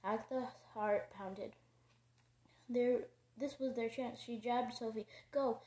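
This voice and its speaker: A woman reads a novel aloud in steady narration with occasional stumbles. Her voice is mellow and a little high, in a roomy echo. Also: slow. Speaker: reader.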